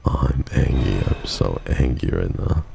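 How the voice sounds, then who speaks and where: A man's voice: extremely low pitch, a little slow, gravelly, warm tone, a little hiss or hum. A young man streaming a game, bantering with his chat in a profane, teasing way. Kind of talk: casual game stream chatter.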